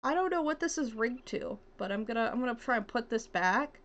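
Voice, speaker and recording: Young southern gal rambling on stream, swears a lot, kinda high bright voice. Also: female voice, lively intonation, fairly quick, lo-fi sound. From southern United States. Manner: rambling, swearing often, laughing at herself. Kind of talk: casual gaming stream chat.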